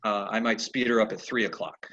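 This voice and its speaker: A man teaching a horse training lesson over a video call, telling animated stories and acting out the horses' replies. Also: fairly low pitch, fairly quick. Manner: animated storyteller who acts out horses' replies. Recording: dull lo-fi video call audio.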